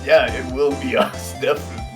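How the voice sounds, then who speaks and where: A man's voice: medium pitch, steady tone, brisk. A man co-streaming a game, talking in a rambling, hesitant way full of fillers. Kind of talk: casual let's play chat. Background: game music.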